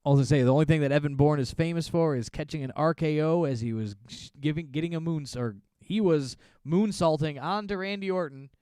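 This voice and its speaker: A man co-hosts a podcast and recaps wrestling shows in loose, rambling, sarcastic chat. His voice is mellow and dark, recorded dry and close. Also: fairly high pitch, brisk, hardly any pauses, clean tone, no room sound. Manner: rambling, sarcastic, acts out wrestlers' shouted lines. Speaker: podcast co-host.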